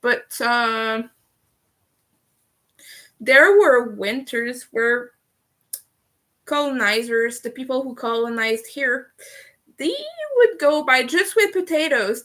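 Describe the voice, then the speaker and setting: Woman from Canada, livestream host, casual crochet chat, somewhat high voice, laughs a lot, swears casually. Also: a bit bright.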